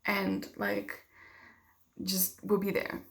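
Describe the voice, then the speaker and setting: A woman's voice: mid-range voice, monotone, very slow, creaky, a bit bright. A young woman vlogging, telling a personal story in a heated, casual way with lots of swearing and filler words.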